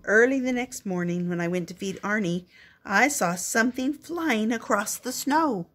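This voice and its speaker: Husky grandmother reading a storybook. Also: medium pitch, normal speed. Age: older. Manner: expressive storybook narration. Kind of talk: reading a picture book aloud.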